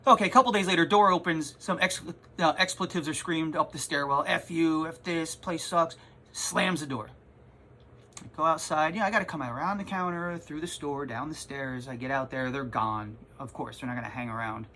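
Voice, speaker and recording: A man who runs a comic shop, telling a rambling, animated story in a casual vlog from his store. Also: a little high, brisk, slight background noise. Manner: rambling, animated, self-interrupting.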